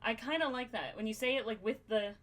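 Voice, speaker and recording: This podcast host is a woman with a slightly high, somewhat bright voice who talks quickly. She brainstorms in casual chat, thinking out loud with plenty of fillers and swearing freely.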